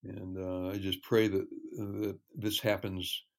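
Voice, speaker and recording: A man talking as a ministry guest in an interview, earnest and measured, telling stories. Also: low-pitched, little pitch movement, gravelly. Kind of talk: casual interview chat.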